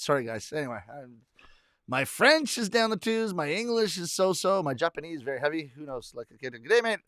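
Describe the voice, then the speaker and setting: A middle-aged man from Canada talks loosely with his online audience, trailing off, restarting and chuckling between thoughts. His voice sits a bit high for a man and is caught close and dry, with no room around it. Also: a bit bright, dry recording. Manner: rambling, self-correcting, chuckling. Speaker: comedian hosting a weekly live stream. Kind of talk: casual chat reading viewer comments.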